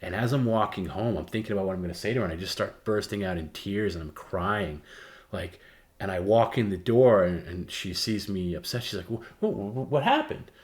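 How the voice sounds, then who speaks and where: A middle-aged man with a very low voice tells a personal story on a livestream. He is candid and meandering, and his sentences often drift off into a soft hush. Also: a little fast. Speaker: livestream host. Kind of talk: casual storytelling.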